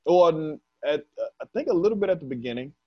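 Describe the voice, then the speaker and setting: A man's voice: fairly high pitch, lively intonation, fast. A middle-aged man in casual chat, joking and laughing often with profane slang. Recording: dull lo-fi sound, dry.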